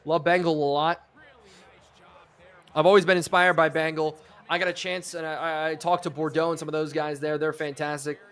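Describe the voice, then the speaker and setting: A man streaming a football video game live, calling each play in an energetic sportscaster style. His voice sits a little higher than most men's, and he breaks off to thank and chat with his viewers. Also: moderate pace. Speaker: streamer and host.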